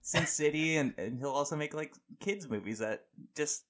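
A man hosting a film podcast in casual chat, talking in quick, self-correcting asides. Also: fairly high pitch, animated, fairly bright tone. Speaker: podcast host.

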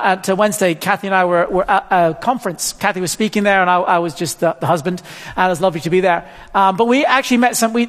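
Halting pastor in his fifties. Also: high voice, fairly bright tone. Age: 50s. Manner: halting, repeats words, chatty and self-deprecating. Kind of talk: sermon. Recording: long hall reverb.

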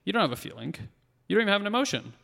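Gravelly guy talking fast, lots of likes and rights, roomy reverb. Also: sits high. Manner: fast-talking, animated storytelling with lots of fillers. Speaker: podcast guest. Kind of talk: casual conversation.

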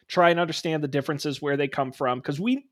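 Upbeat higher-voiced podcast co-host. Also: male voice, brisk. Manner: upbeat, hesitant fillers. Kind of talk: casual chat.

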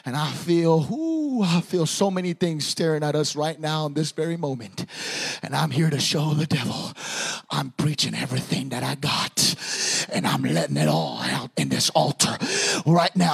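A young man preaching a sermon, swinging from quiet storytelling to shouted preaching. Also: a little high, lively intonation, normal speed, gravelly, husky.

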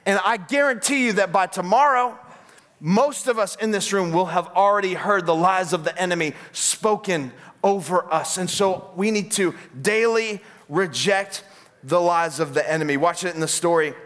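Acting out each quoted voice, a man preaches animatedly as pastor, speaking in a high voice at a moderate pace.

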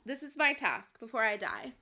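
A woman's voice: fairly high pitch, sing-song, normal speed, sharp tone. A woman co-hosting a book chat, talking casually and laughing often. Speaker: book podcast co-host.

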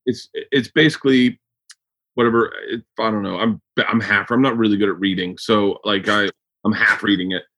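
A man's voice: on the low side, steady tone, moderate pace, fairly bright tone. A man hosting a podcast in casual chat, rambling and swearing, with many restarts. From United States. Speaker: podcast host.

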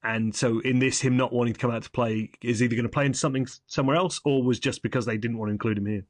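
A man's voice: medium pitch, steady tone, racing, dry recording. A young man co-hosting a casual film review chat, rambling and correcting himself with wry asides. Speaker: podcast co-host.

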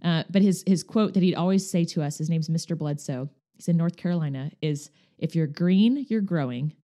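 Woman telling stories on a chat show, lowish mellow voice, acts out the quotes, really animated. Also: a little fast. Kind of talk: casual conversational storytelling.

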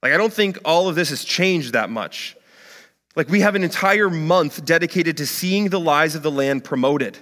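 Guy preaching, kinda high voice, chatty with lots of "like", long hall echo. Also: a bit bright. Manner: conversational, often says "like". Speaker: pastor. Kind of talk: sermon.

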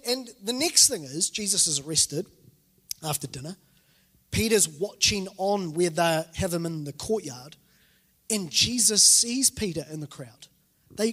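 A lively New pastor in his forties preaches a sermon, his high voice swinging widely as he acts out the people in his stories. His voice carries the long reverb of a church hall. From New Zealand. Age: 40s. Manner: animated storytelling, acting out quoted voices.

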